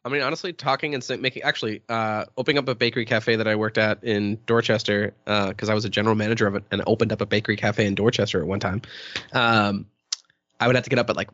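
Bright, sweary man on a podcast. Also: lowish voice, fairly even intonation, fast, muffled recording. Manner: profane, emphatic and laughing. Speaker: podcast co-host. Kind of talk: casual chat.

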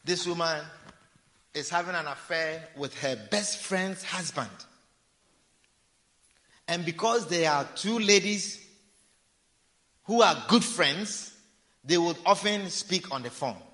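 A man's voice: on the high side, takes it slowly, long pauses, pushed and bright. A man preaching a sermon, repeating phrases and acting out people's pleas. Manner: preaching with repetition and acted-out pleading. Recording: long reverb of a large hall.

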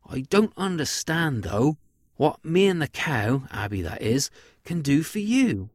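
A man puts on a slightly high voice, above his natural pitch, to play a lazy farmer who is bewildered yet polite. His delivery is unhurried, with big swings in pitch, recorded dry and clean in a studio.

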